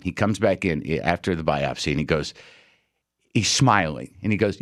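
A man's voice: on the low side, moderate pace, dry recording, clean studio sound. A radio host delivering a rambling, wry comic monologue, acting out the people he quotes.

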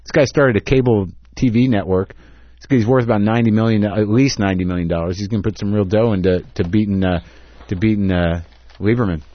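A man's voice: fairly low pitch, fairly even intonation, quick pace, no echo, lo-fi sound. A man hosting a radio talk show, rambling in a sarcastic, casual way with lots of restarts.

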